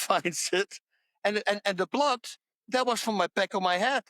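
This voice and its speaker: A man with a high-pitched voice tells wild stories in a podcast chat, laughing between words and tripping over his restarts. The sound is close and dry, with no room around it. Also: normal speed, no echo. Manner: lively storyteller, laughs mid-sentence, restarts words. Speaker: podcast guest. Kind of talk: animated anecdote telling in a podcast chat.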